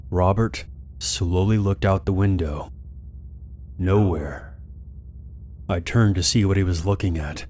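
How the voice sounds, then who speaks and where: A man with a low, deep voice reads a horror story aloud. His delivery is calm and steady, like scripted narration for a scary story channel.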